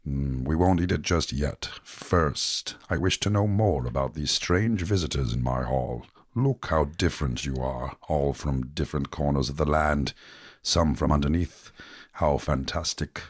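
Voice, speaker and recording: Huge festive spirit of hospitality, very deep and booming, grand and welcoming, man putting it on, dry close mic. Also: a little slow, no room sound. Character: huge jovial male hearth spirit. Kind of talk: tabletop role-play voice.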